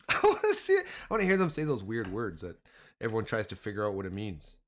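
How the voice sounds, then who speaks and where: A man's voice: on the low side, fairly quick. A Canadian man with a Canadian accent giving casual, slangy live market commentary to his chat. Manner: slangy, animated, addresses chat as man and boys. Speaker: stock trading livestreamer.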